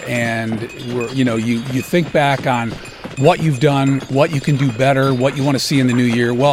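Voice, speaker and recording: A man hosting a podcast, talking casually and enthusiastically about food with drawn-out emphasis. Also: mid-range voice, noisy background. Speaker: podcast host.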